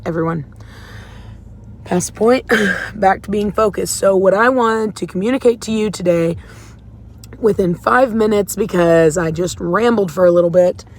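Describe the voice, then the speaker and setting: A faith vlogger records a casual confessional vlog in a parked car in a parking lot, talking with candor and emotion about her faith and drifting a little. Her voice sits at medium pitch, with a little hiss or hum in the recording.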